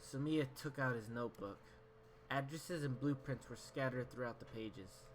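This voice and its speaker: A man's voice: medium pitch, moderate pace, slight background noise, poor audio. A man reading a visual novel's narration aloud as a gaming YouTuber, dropping in casual, slangy asides.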